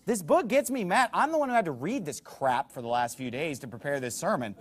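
A man with a high voice that swings widely in pitch, preaching a fiery sermon. He hammers home rhetorical questions, rises into shouts and drops low again, and stops now and then to read passages aloud from a book. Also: expressive, fairly quick.

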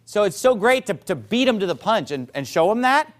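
Man, preacher, sermon, somewhat high voice, animated, King James scripture reading. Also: a little fast. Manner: animated, acts out opponents' voices.

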